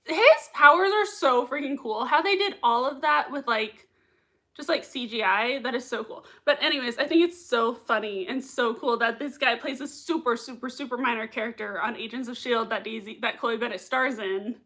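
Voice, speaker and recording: A young woman hosts a live watch stream in a bubbly, giggly way. Her voice sits high and sounds bright and crisp. She keeps up easy chatter with her viewers the whole time. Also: moderate pace. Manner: bubbly and giggly, reading chat comments aloud. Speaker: livestream host reacting to a TV episode. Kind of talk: casual livestream chat. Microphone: desk mic with earbuds.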